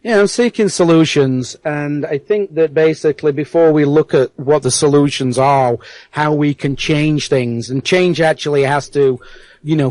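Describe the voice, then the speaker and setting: An English-born man with a Yorkshire accent softened by years in America, a podcast guest talking earnestly with many fillers. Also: a little high, no room sound, poor audio. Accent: Yorkshire mixed with American. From England. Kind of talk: casual interview.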